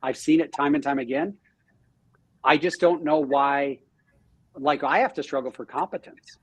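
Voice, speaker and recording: Animated man with a husky voice. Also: on the high side, moderate pace. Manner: animated and self-deprecating, frequent restarts. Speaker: real estate team leader, podcast guest. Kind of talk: casual interview chat.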